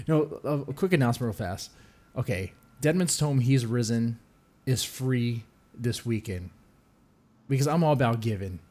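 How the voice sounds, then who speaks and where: A man's voice: medium pitch, a little mellow. Male podcast host, casual and jokey, mid-range voice, prone to laughing asides. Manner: loose, jokey, laughs often, quick asides.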